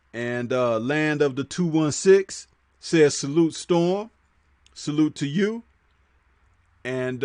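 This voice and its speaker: Chatty man with a dry close sound. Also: dry recording. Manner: conversational, reads chat comments aloud; frequent fillers, drops low on asides. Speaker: host. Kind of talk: casual livestream commentary.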